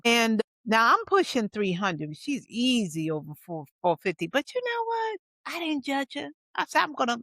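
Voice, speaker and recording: A woman in her fifties, a pastor, telling her own story in a lively testimony style, acting out the people she quotes. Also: lowish voice, dry recording. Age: 50s. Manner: animated storytelling with acted-out quotes. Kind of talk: personal testimony vlog.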